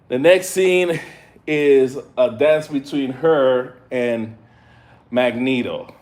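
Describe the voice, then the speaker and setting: A man giving a casual live review of an episode, retelling scenes in an excitable, slangy way. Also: mid-range voice, slow. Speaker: show reviewer.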